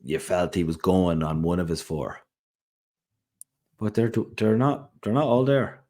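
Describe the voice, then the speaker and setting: A man's voice: low-pitched, expressive, unhurried, mellow. A man co-hosting a podcast, rambling chattily with plenty of asides and fillers. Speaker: podcast co-host. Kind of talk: casual chat.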